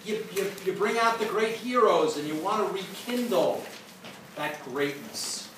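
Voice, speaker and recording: A man teaching history, lecturing and answering student questions with lively storytelling and frequent restarts. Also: high-pitched, a little slow. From United States. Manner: animated storyteller, repeats words when starting sentences. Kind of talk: classroom lecture and Q&A. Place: classroom. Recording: echoey classroom recorded from far off with noise.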